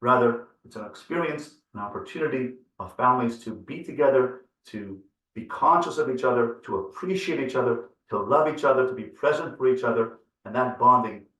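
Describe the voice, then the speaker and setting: A man's voice: mid-range voice, expressive, a little fast, bright, forceful tone. A man, a rabbi, giving an earnest storytelling lecture on parenting, piling up repeated phrases for emphasis. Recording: roomy, from far off the mic.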